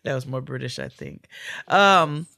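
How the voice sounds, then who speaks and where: A woman's voice: rumbling low, measured pace, vocal fry, bright, forceful tone, no echo. A woman co-hosting a podcast, reading listener letters aloud in a playful, chatty way and laughing often. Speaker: podcast co-host.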